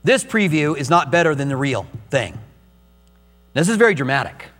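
An older man, a pastor, preaching a sermon with animated delivery and acted-out quotes. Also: mid-range voice, moderate pace. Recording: long hall reverb, faint mains hum.

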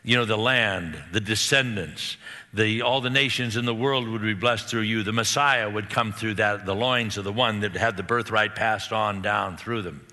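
Man preacher, animated sermon storyteller, bright forceful tone, long hall reverb. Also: fairly low pitch, normal speed. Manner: animated, acts out the characters' lines.

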